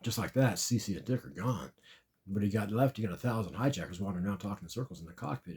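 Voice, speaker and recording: A man's voice: fairly low pitch, animated, fast talker, darkish tone. A man telling a long, rambling comic story about a dream, repeating and restarting his words often.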